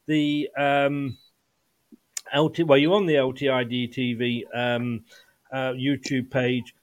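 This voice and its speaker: Male podcast host, slightly high voice, rambling casual football talk, brief. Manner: rambling with frequent restarts and fillers.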